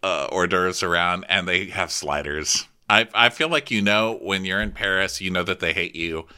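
A man co-hosting a comedy podcast, recapping a reality show in animated chat and slipping into impressions. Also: moderate pace, smooth. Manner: animated, jumps into high-pitched impressions of cast members.

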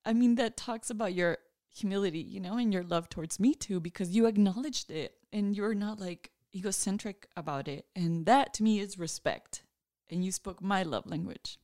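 Soft-spoken woman, dry close sound. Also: mid-range voice, normal speed, no echo. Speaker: podcast co-host. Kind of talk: casual chat on a couple's podcast.

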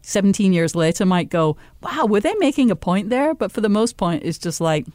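A woman's voice: mid-range voice, very animated, brisk, darkish tone, dry recording, studio quality. A woman co-hosting a podcast, giving wry, opinionated takes on a TV episode in casual chat. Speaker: podcast co-host.

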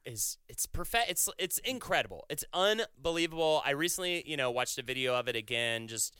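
Male podcast co-host, bright and clean, eager rambling delivery, dry sound. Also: mid-range voice, animated, a little fast, clear, resonant tone, no echo. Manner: enthusiastic, rambling, many restarts. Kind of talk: casual chat.

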